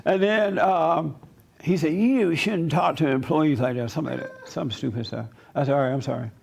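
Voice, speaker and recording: A man with a fairly high voice tells a story to his church gathering. He is animated and acts out the voices of the people he quotes, with sudden jumps in pitch. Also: moderate pace, vocal fry, breathy edge. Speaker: pastor and host.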